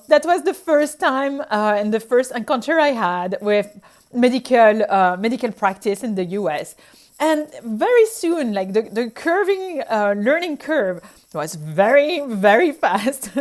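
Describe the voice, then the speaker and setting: A woman with a French accent tells stories from her work as a doctor in a casual, lively way. She acts out what she and others said, and her voice jumps higher for those quoted bits. Her voice sits a little high and moves a lot. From France. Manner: animated storytelling, acts out her own past reactions. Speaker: physician sharing her experiences. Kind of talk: casual chat.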